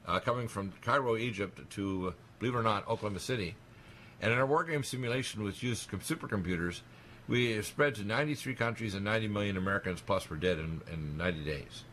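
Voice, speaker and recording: A man's voice: fairly low pitch, a bit bright, a little hiss or hum. A man talking on a radio talk show, pressing his claims emphatically and piling one alarming point onto the next.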